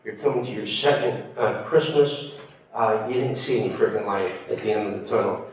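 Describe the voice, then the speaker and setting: Picked up from a distance in an echoey hall with faint background noise, an American man in his sixties recounts his time as a hostage to an audience. His voice is lowish and fairly quick, and his storytelling is casual, full of fillers and wry humor.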